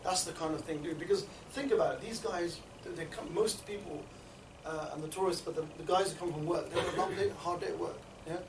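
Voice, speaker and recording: Guy running an outreach training session, talks super fast, kinda high voice, echoey room, mic far off. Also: background noise. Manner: rapid, chatty, keeps checking in with "yeah?" and "right?". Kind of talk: instructional group talk.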